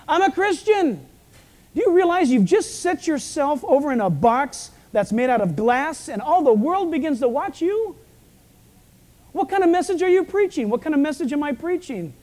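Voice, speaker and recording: Male pastor, croaky frog-like voice, warm low tone, preaches with casual anecdotes. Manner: storytelling preacher with self-deprecating asides. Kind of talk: sermon.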